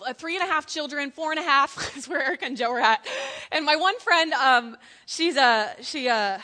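A woman preaching a lively sermon in church, telling jokey stories and acting out quotes. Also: sits high.

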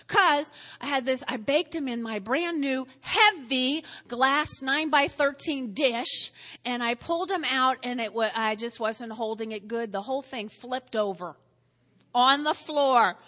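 A woman teaching a lively Bible lesson to a live group, acting out scenes and chatting with her listeners in a church meeting room. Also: high-pitched. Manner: animated, acts out scenes, chatty asides to listeners. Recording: reverberant hall.

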